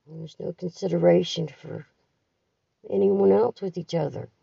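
A woman's voice: on the low side, fairly even intonation, a little slow, creaky, warm tone, breathy edge, dry recording. A middle-aged woman leaving a raw, profane voice message, bitter, grieving and tired. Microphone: phone voice recording. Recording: dull lo-fi phone audio, distant from the mic.

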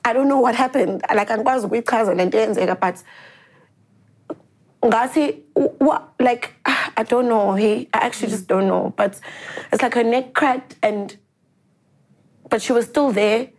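A woman telling a personal story in an interview, in an earnest, halting way. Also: on the high side. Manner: earnest, halting, mixes English and isiZulu phrases.

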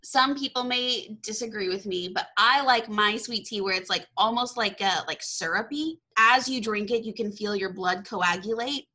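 A woman with a Texan accent hosting a podcast, talking in a casual, excitable way with frequent laughter. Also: medium pitch, moderate pace, hardly any pauses. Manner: giggly and excitable. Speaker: podcast host. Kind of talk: casual chat.

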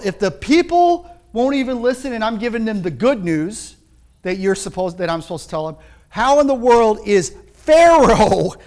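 A preacher doing a baffled, protesting Moses. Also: male voice, extremely high pitch, heavily acted. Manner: exasperated questioning. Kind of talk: sermon.

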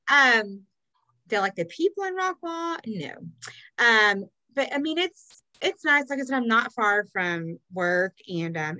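A middle-aged woman from Texas talks as a podcast co-host over a video call. Her voice is bright and forward, recorded close and dry. She rambles through everyday stories with plenty of ums, laughs and swearing. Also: mid-range voice, no room sound, low-quality recording. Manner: chatty, swears freely, frequent ums and laughs. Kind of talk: casual chat.

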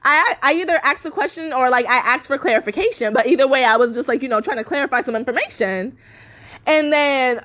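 A woman's voice: fairly quick, fairly bright tone. A woman in her twenties hosting a podcast, ranting casually and swearing a lot, with many fillers. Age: 20s. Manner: profane, emphatic, full of fillers; mocking high voice when quoting others. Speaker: podcast host.

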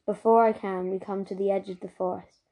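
A woman reads a novel aloud at a steady, unhurried storytelling pace. Her voice is warm and mellow, with little rise and fall. The narration stays even from line to line. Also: mid-range voice. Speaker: reader.

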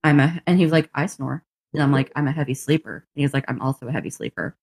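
A woman's voice: sits low, quick pace, slightly rough, dry recording. A woman co-hosting a podcast, telling a personal story in casual chat and acting out both sides of each exchange. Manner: animated storyteller who acts out both sides of conversations and laughs often; swears casually. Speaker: podcast co-host.

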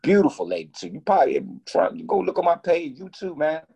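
Man guest spinning a raw, lively story, swinging his pitch wide, voicing everyone in it. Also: a little fast, creaky, a crowd in the background. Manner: animated, profane, acts out both sides of conversations. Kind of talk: casual storytelling.

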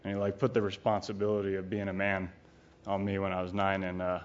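Fast-talking and completely flat, a middle-aged man with a low voice speaks at a recovery retreat. His personal recovery talk is candid and rambling, blunt, frequently profane and packed with fillers, captured in dull lo-fi sound.

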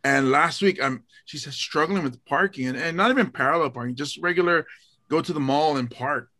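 A man's voice: a little high, brisk, no room sound, clean studio sound. A male comedian with a Hawaii accent, chatting on a podcast and acting out his own lines as he tells stories. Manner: animated storyteller, acts out his own lines. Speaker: guest comedian. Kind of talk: casual podcast chat.

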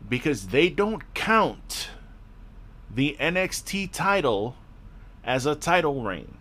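A man's voice: fairly high pitch, very animated, slow, a bit bright. Frustrated man ranting on a podcast. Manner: frustrated, profane, rambling with restarts. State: sore throat. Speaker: podcast host.

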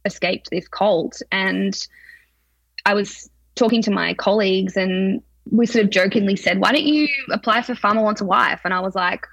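A woman's voice: mid-range voice, creaky, fairly bright tone, slightly rough, no echo. A young woman, a podcast guest, recounting a painful personal experience in a candid, emotional way. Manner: emotional, confessional, halting.

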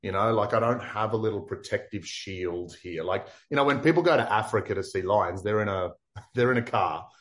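An Australian man from far north Queensland tells a story as an interview guest. His voice sits a little low and he talks casually, dropping "like" often. He animates his story by playing the other people in it. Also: a little fast. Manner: animated, acts out quotes, many "like" fillers.

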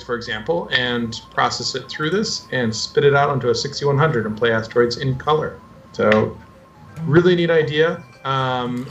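A man's voice: medium pitch, fairly bright tone. A man hosts a casual show and walks through new hardware in a plain, explanatory manner. The sound is dull and lo-fi. Faint music plays in the background. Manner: plain, explanatory, product announcements. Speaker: host announcing products. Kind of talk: casual chat.

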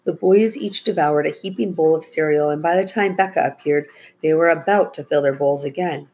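Low husky woman reading a storybook. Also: fairly quick, poor audio. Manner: raises her pitch for the children's lines, soft and low on tags. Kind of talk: read-aloud children's story narration.

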